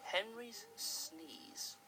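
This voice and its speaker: A storyteller reading a children's storybook aloud with expressive delivery. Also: mid-range voice, extremely slow, noisy background. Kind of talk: storybook narration.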